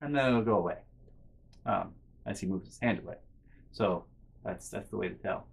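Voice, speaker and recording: A young man vlogging, telling a casual, rambling story full of restarts and quiet muttered asides. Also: lowish voice, normal speed, vocal fry, husky. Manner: rambling, self-interrupting with fillers and restarts.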